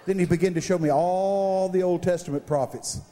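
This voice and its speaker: Animated, joking preacher man in a reverberant hall. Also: moderate pace. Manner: animated, joking, swings between high shouts and low asides. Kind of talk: humorous sermon.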